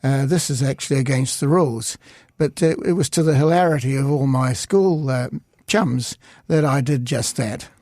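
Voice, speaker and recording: A man in his eighties, originally from Scotland, telling stories as an interview guest in a halting, anecdotal way. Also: mid-range voice, darkish tone, no echo, clean studio sound. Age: 80s. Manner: halting, anecdotal storytelling with frequent hesitations. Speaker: guest illustrator. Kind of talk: reminiscing interview.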